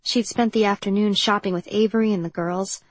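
A woman narrating an audiobook novel in an even, measured storytelling manner. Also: mid-range voice, no room sound. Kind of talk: scripted narration.

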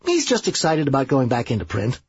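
A man doing Serge, a manic fast-talking schemer. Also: medium pitch, huge pitch swings, slightly rough, dry recording, highs cut off, full character voice. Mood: excitable.

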